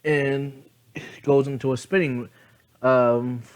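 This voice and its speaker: Sleepy and yawning, a man speaks into a phone in a smooth, steady, medium-pitched voice at a slow pace. He rambles through a casually improvised fan story, peppered with fillers, self-corrections and casual swearing.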